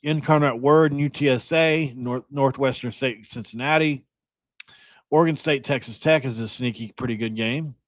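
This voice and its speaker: A young man from West Virginia talks through a sports podcast with loose, rambling chatter and self-deprecating jokes. His voice sits at a middle pitch and is recorded close and dry, with no room sound. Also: moderate pace, no echo. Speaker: podcast host. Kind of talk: casual sports podcast chat.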